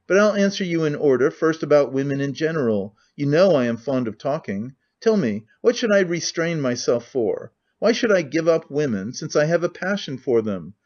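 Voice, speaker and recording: A man's voice: fairly high pitch, very animated, normal speed, hardly any pauses, darkish tone. A man voicing a cynical, talkative middle-aged nobleman who rambles with languid candor, on a muffled lo-fi recording.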